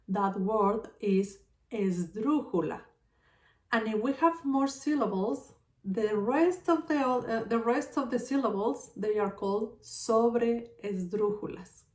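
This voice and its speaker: Slow, patient woman teacher in echoey room. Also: medium pitch, a little mellow, far from the mic. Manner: patient, repeats example words slowly. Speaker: Spanish teacher. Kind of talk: slow explanatory lesson.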